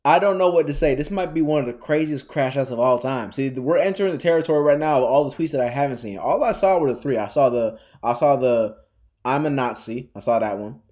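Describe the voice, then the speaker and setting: A man's voice: medium pitch, a little fast, a little mellow. A man co-hosting a casual reaction chat, swearing freely and calling the other host "bro". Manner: swears a lot, stunned disbelief, "bro" often.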